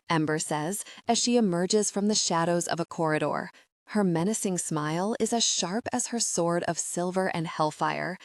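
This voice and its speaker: Female audiobook narrator, low voice, dry close sound, steady first-person read. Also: moderate pace, no echo.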